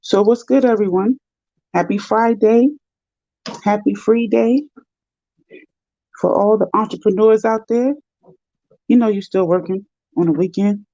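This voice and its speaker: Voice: medium pitch, normal speed, pauses often, dark tone, no room sound. A host chatting casually with livestream viewers, talking to the viewers and to pets along the way. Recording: dull lo-fi sound.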